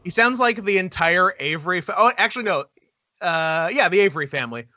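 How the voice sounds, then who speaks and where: A man co-hosting a podcast, with a high, bright voice that swings widely as he jokes and riffs. He laughs often. The sound is close and dry. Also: expressive, fairly quick, dry recording, muffled recording. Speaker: podcast co-host. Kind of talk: casual chat.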